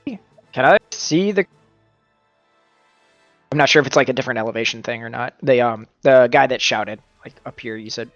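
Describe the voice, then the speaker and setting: A man's voice: medium pitch, normal speed, long pauses, fairly bright tone, no room sound, muffled recording, faint music behind. A man playing a tabletop game, hesitant and full of fillers. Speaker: player. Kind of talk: casual tabletop play.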